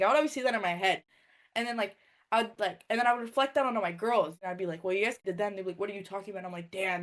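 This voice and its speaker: A young woman, a former college wrestler turned coach, telling stories in casual conversation with lots of "like" and acted-out quotes. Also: medium pitch. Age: young adult. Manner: fast, filler-heavy, animated storytelling with quoted dialogue.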